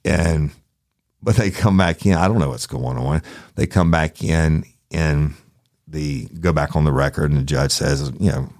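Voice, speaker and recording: A man's voice: extremely low pitch, normal speed, darkish tone. A man who works as a police detective, telling a story in a blunt, profane, casual way and acting out the people in it. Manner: profane, blunt, acts out the other people in his stories.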